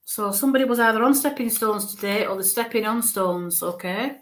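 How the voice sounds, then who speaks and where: Halting woman medium giving a reading. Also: on the high side. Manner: halting, repeats phrases, checks in with "okay?"; searches for words mid-sentence. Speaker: spiritualist medium.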